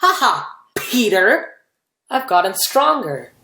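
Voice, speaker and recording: A woman's voice: mid-range voice, sing-song, slow, sharp tone, a little hiss or hum, heavily acted. A teenage girl playing a boastful, vengeful male pirate captain in a school play, with a gloating, theatrical manner. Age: teens. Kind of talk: amateur school play acting. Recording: roomy echo.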